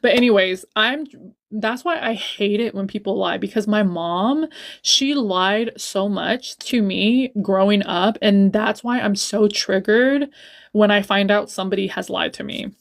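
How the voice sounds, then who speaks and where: A woman's voice: medium pitch, a little slow, creaky. Blunt, swearing young woman venting. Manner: blunt and profane, swears a lot; heated, repeats herself for emphasis. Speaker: livestreamer. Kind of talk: casual storytime chat.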